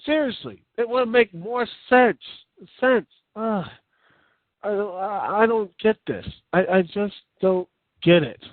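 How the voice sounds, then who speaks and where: High-voiced man ranting, tinny sound. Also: slow pace, dry recording. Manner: animated, incredulous, rambling with many restarts. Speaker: wrestling reviewer. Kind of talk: casual rant.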